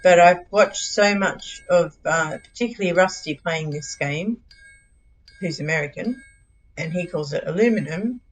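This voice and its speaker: A woman's voice: fairly low pitch, a little slow, rough recording. A middle-aged Australian woman streaming a game live, chatting casually in a scattered, giggly, self-mocking way.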